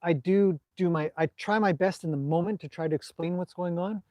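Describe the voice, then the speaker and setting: A man with a Canadian accent, hosting a casual live stream and reading out viewer comments in a relaxed, rambling way. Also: high voice, a little fast, dry recording. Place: outdoors at a stable in the evening.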